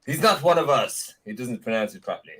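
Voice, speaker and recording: A man's voice: medium pitch, expressive, fast talker, fairly bright tone, breathy edge, rough recording. A man in casual group chat, laid-back and jokey but opinionated.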